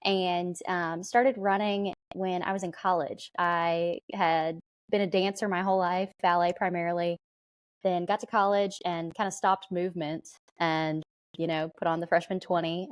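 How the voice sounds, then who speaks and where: A woman's voice: lowish voice, level tone, normal speed, no room sound. Woman with a Southern twang. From southern Alabama, USA. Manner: candid storytelling, light laughs. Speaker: podcast guest. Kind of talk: conversational interview.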